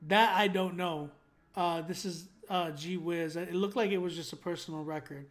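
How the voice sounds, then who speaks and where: A young man hosting a song critique stream, talking in an animated, emphatic way with many fillers. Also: high voice, moderate pace. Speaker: host giving song critiques. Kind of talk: livestream critique chat.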